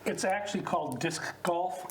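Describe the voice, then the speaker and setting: A man's voice: high-pitched, normal speed, soft background music. A man performing an improvised comedy scene, often stumbling and repeating words. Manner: stammering, restarts words. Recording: roomy stage.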